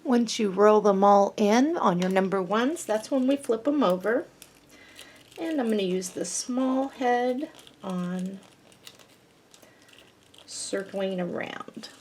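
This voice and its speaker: A woman's voice: mid-range voice, slow, pauses often, a little mellow, slight background noise. A woman hosting a craft tutorial, patiently talking through each step of a paper flower project as she works.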